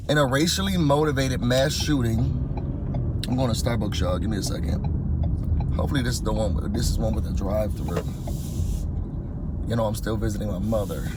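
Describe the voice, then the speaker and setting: A man's voice: mid-range voice, very noisy. A man from Rochester, New York, talking to his viewers from his car, impassioned and emphatic, repeating points for weight. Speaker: vlogger. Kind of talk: casual vlog rant to viewers. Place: in a car, driving.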